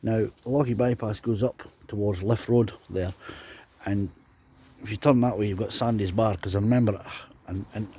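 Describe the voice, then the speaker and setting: A man's voice: lowish voice, steady tone, normal speed, dark tone, a little hiss or hum. A Scottish man from Dundee in his fifties, telling chatty, rambling stories about his drumming days and often adding "you know". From Scotland. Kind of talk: casual storytelling monologue.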